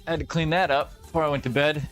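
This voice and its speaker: A man's voice: on the high side, quick pace, faint music behind. A young adult man telling profane, ranting stories in casual chat while streaming. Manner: profane, ranting, animated storytelling.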